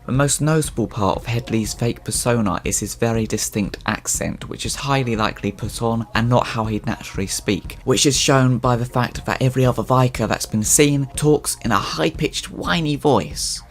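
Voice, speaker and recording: A man's voice: medium pitch, normal speed, hardly any pauses. A man narrating a game lore video in scripted commentary, musing aloud with offhand personal asides.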